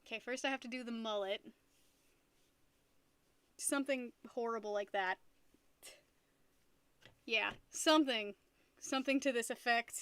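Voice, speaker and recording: A woman's voice: a little high, a little slow, long pauses, a bit bright, clean tone. A young woman streamer chatting casually with her viewers, playful and giggly, often laughing at herself. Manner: playful, giggly, self-mocking. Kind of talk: casual live-stream chat.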